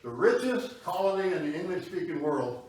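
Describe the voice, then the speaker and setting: A man's voice: sits high, very animated, moderate pace, darkish tone. A man giving a conversational public history talk to an audience, often asking them questions. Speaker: history lecturer. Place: meeting hall with audience. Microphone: far tripod camera. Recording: echoey hall from far off.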